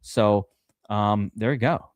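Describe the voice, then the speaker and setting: A man's voice: fairly low pitch, slow, clear, resonant tone, no echo, studio quality. A man hosting a live fantasy football draft stream, chatting casually and rambling with restarts.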